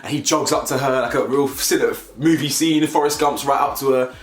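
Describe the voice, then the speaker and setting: Fast-talking young man in a roomy room. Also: medium pitch. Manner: animated, slangy, rambling with restarts. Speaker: TV show reviewer. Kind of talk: casual recap commentary. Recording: roomy echo.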